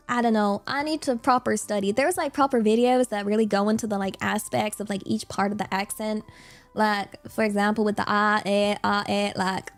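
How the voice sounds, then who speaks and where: Woman doing a giggly put-on Southern drawl persona, bright high voice, livestream chat. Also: lightly acted. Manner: giggly, practicing phrases aloud. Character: Southern-accented young woman persona, playful and self-conscious.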